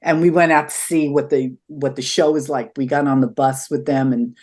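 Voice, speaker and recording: A woman's voice: extremely low pitch, moderate pace. An older woman, an interview guest, telling stories in a conversational way and acting out what people said. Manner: animated storyteller acting out quotes.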